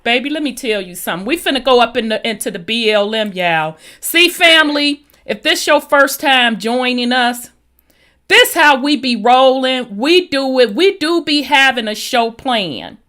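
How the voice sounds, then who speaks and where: Bright-voiced woman hosting a live stream. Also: high-pitched, expressive, normal speed. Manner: loose, folksy, hyping the audience. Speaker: host. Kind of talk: casual live-stream talk show.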